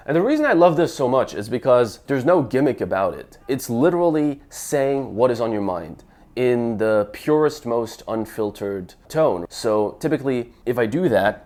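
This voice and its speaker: A man's voice: medium pitch, darkish tone. A young man, a dating coach, talking casually to camera and acting out sample lines, with frequent stammers and restarts. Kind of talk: casual advice talk to camera.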